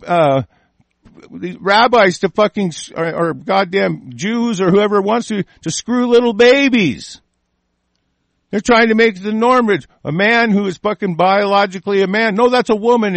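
A high-voiced male political commentator delivers a furious, profanity-heavy solo rant reacting to the news, recorded without echo.

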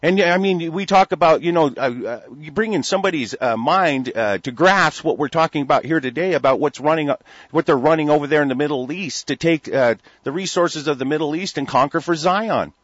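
A man's voice: fairly high pitch, fairly quick, dry recording. A man from the United States in a heated, rambling talk-radio rant, stammering through restarts and swearing freely. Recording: dull lo-fi recording.

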